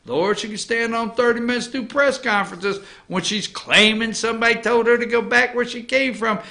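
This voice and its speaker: A middle-aged man hosting an opinion talk show, ranting combatively and swinging between loud and low. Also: fairly even intonation, normal speed, creaky.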